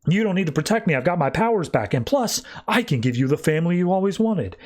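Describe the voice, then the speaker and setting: A man's voice: high-pitched, big pitch swings, fast, voice pushed up. A man voicing a clingy superhero husband who pleads with her not to leave. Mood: pleading.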